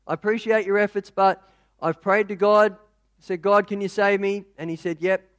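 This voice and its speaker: An old man speaks low and quiet, calmly sure of himself, as a preacher puts him on. He turns down help politely. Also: normal speed. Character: elderly man, calmly sure God will save him.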